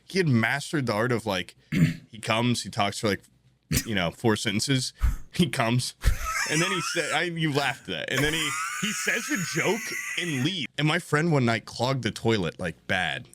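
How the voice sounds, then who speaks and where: A man's voice: medium pitch, very animated, normal speed, very noisy. A young man telling a funny story on a podcast, laughing often and swearing as he talks. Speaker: podcast co-host. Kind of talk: casual comedic storytelling.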